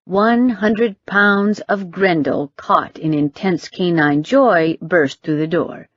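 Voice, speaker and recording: A woman narrates a first-person novel at an unhurried pace. Her pitch is mid-range and her manner is steady. The recording is dull and dry. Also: dry recording. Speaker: audiobook reader.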